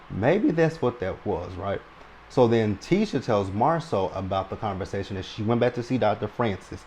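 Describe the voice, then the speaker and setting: A man hosting a reality TV recap talks easily and at length about an episode in his rather low voice, peppering it with "right?" His speed is normal, and a slight room hum lingers underneath.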